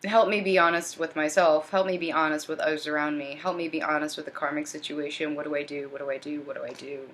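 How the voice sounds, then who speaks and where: A desperate, anxious man keeps pleading for help, as a woman channels him in a tarot reading. The voice stays low and sinks toward a near whisper, repetitive and worn down. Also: steady tone, quick pace, a bit bright, a little hiss or hum. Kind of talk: channeled first-person voicing in a reading.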